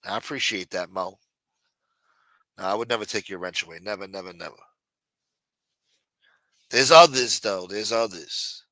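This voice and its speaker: A man's voice: low-pitched, moderate pace, long pauses, pushed and bright, dry recording. A man hosting a late-night livestream, chatting loosely and profanely while answering viewers in the chat. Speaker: livestream host.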